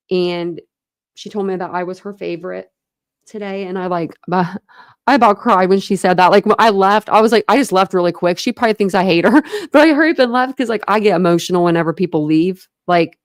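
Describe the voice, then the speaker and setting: A young Ohio woman hosts a laid-back true crime livestream, chatting with viewers in a rambling way, full of fillers and restarts. Her voice sits lowish, and the recording is dry and studio-quality.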